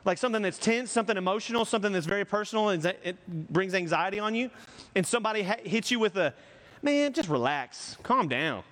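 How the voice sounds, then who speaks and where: A man's voice: high voice, fast talker, a bit bright, in a large hall. A man from the United States preaching a conversational, joking sermon as pastor.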